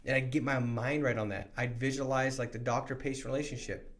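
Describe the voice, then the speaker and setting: A man giving a motivational sales training talk to new insurance agents, energetic and conversational, often restarting his sentences. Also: medium pitch, brisk.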